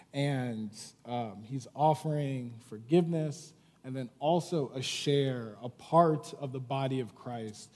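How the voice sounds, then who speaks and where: Pastor, male, mellow tone, chatty sermon delivery, reverberant hall. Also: on the high side. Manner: conversational preaching, frequent "right?" and fillers.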